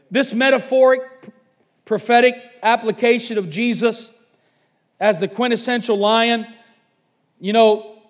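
Fervent pastor, very high voice for a man, preaching hard, then dropping to quiet asides. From Covington, Kentucky, USA. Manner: fervent preaching, swinging from shouts to low asides. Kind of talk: sermon.

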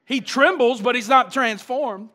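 A man's voice: extremely high pitch, unhurried, pushed and bright. A pastor preaching a sermon. He often asks the congregation questions and builds emphasis through repetition.

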